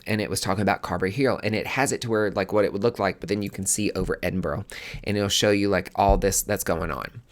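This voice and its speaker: A man hosting a podcast, telling a personal story in a casual, rambling and emotional way, full of fillers. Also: on the low side. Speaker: podcast host.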